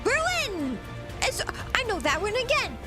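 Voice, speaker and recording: A woman's voice: very high-pitched, very animated, measured pace. A woman streamer giggling through a casual reaction stream, sounding out place names as she goes. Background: background music.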